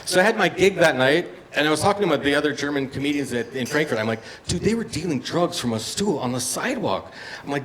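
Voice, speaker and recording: Lively man in his fifties doing stand-up. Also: medium pitch, fast, a crowd in the background. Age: 50s. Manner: storytelling, acts out voices, loud punchlines. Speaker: stand-up comedian. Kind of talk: stand-up comedy set. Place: comedy bar stage with live audience. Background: audience laughter and room noise.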